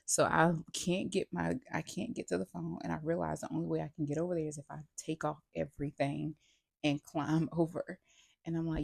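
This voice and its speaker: A woman's voice: sits low, level tone, fairly quick, gravelly, darkish tone, husky, no room sound, studio quality. A woman vlogger casually retelling a personal story, quoting herself and others as she goes and often restarting her sentences mid-thought. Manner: retells events with many "I'm like" quotes.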